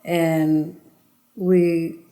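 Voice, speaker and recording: A woman's voice: low voice, little pitch movement, extremely slow, dark tone. Earnest woman from Colombia telling her story. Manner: earnest, reflective, retells conversations in quotes. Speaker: storyteller guest. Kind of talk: personal storytelling.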